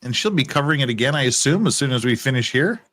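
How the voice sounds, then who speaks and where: Lively, joking male stream host. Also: rapid-fire. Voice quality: relaxed, low voice today. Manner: joking, banters with guests, jumps between high and low. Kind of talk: casual live-stream chat.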